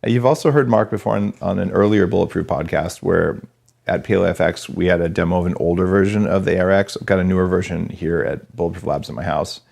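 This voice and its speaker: Gravelly-voiced joking podcast host. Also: male voice, low voice, fast, darkish tone. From New Mexico. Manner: chatty, joking. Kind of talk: podcast interview.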